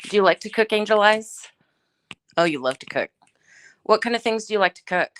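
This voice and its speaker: A woman's voice: mid-range voice, lively intonation, brisk, fairly bright tone, a little hiss or hum. A middle-aged woman hosting a casual live chat, greeting viewers by name and chatting in a laid-back way. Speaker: livestream host.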